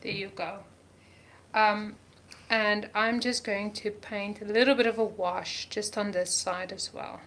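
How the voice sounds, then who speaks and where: A woman's voice: mid-range voice, steady tone, measured pace, a bit bright, a little hiss or hum. A woman teaching a live art journaling lesson, talking through each step as she paints and gushing over colors. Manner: enthusiastic about colors, repeats words.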